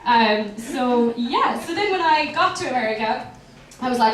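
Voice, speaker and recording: High-voiced Kerry Irish woman doing stand-up. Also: lively intonation, moderate pace, distant mic. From Ireland. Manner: chatty, self-mocking, swears freely. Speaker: stand-up comedian. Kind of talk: stand-up comedy set. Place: comedy club stage. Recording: echoey club, mic heard from afar.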